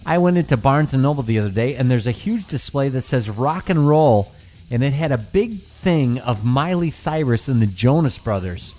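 A man's voice: medium pitch, lively intonation, normal speed, darkish tone, faint music behind. A man co-hosting a comedy talk show, bantering crudely and quizzing his co-host.

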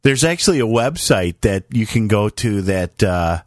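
A man co-hosts and throws in crude remarks and laughs. His voice sits fairly low, with lively swings in pitch. The studio sound is dry and close. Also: normal speed, no room sound. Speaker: radio co-host. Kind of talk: casual chat.

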